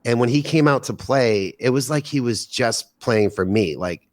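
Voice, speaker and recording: A man in his forties, a podcast guest, telling a long story with excitement, swearing casually and acting out what people said. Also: mid-range voice, moderate pace, dry recording, clean studio sound. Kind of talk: animated storytelling in casual chat.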